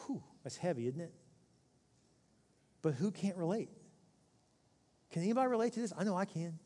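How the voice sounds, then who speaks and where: A man's voice: sits high, lively intonation, normal speed, warm tone. A middle-aged man preaching a sermon as a pastor, in a conversational way that acts out quoted voices. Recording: long hall reverb.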